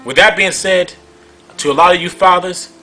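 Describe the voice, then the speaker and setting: A man's voice: high voice, moderate pace, sharp tone, faint music behind, low-quality recording. A man hosting a talk show, delivering a preachy, scolding monologue full of rhetorical questions. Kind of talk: monologue commentary.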